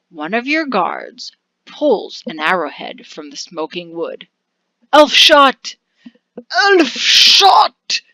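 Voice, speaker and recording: A woman's voice: fairly low pitch, a bit bright, dry recording, low-quality recording. A woman casually narrating a video game, reading its text aloud with chatty asides and frequent laughs. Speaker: let's-play narrator.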